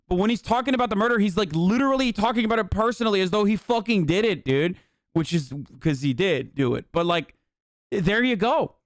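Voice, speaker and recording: High-voiced man ranting in disbelief. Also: brisk, no echo, clean studio sound. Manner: profane, incredulous, animated rants. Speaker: streamer reacting to a video. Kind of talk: casual reaction commentary.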